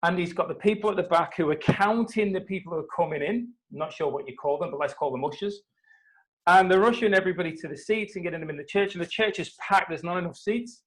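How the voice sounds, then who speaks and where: A man hosting a live video call, retelling a story with lively acted-out quotes and a few restarts. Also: high-pitched, fast talker, low-quality recording. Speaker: host of a mastermind call.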